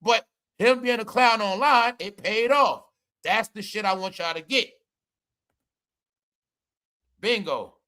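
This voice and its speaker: Animated high-voiced man ranting commentary. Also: unhurried. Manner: animated, ranting, swings from low mutters to shouting. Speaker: commentary channel host. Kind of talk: casual entertainment commentary.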